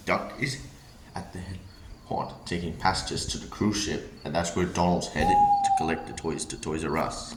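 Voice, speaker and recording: A man voicing several characters in a homemade train drama, switching voices and often frantic and shouting. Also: deep voice, wildly swooping pitch, normal speed. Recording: roomy echo with loud background noise.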